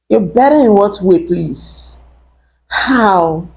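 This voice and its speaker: A woman's voice: a little high, a little slow, darkish tone. Indignant woman ranting to camera. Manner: indignant, emphatic, repeats phrases. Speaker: vlogger. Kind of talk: opinionated vlog rant.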